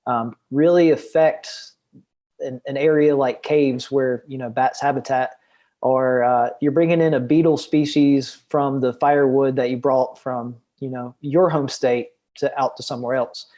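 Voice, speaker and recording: A man's voice: medium pitch, fairly even intonation, unhurried, mellow. A young man, a guest outdoor educator, talking in a rambling casual podcast chat full of fillers and restarts.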